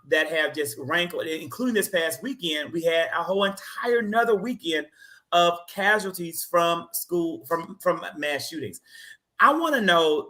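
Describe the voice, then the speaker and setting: A man with a high, bright voice hosts a casual online talk show. He talks in an animated, joking way and teases his co-hosts. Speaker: show host.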